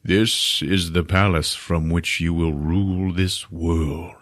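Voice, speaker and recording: Deep, hushed, slow monster lord, grand and menacing, as a man puts him on. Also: steady tone, no echo, clean studio sound. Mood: looming. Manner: low, looming, grand.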